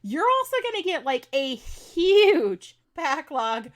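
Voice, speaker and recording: A woman's voice: high-pitched, very animated, slow. A woman co-hosting a podcast, bubbly and laughing through casual banter. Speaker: podcast co-host. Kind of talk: casual chat.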